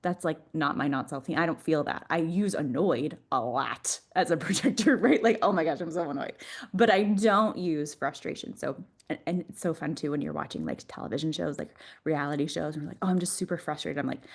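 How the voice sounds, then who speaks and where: Low-voiced woman explaining with enthusiasm. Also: fairly quick. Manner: enthusiastic, laughs often while explaining. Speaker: podcast guest, Human Design mentor. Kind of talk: conversational podcast interview.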